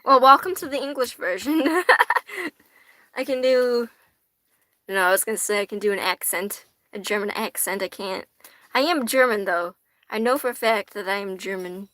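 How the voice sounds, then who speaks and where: Young female streamer, casual and profane, giggly, bright tone, dry close sound. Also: mid-range voice, moderate pace, no echo. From United States. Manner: chatty, swears a lot, laughs often. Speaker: tarot livestream host. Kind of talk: casual livestream chat reading viewer comments.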